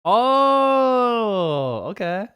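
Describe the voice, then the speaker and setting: A man's voice: very high voice, sing-song, very slow, a bit bright, smooth, dry recording, studio quality. A young man co-hosting a podcast in casual chat, rambling and jumping between thoughts. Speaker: podcast co-host.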